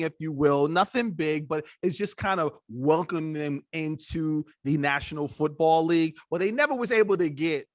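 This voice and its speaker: A man's voice: fairly high pitch, dry recording. A man hosting a podcast, telling a story and wrapping up the episode in an enthusiastic, chatty way. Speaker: podcast host.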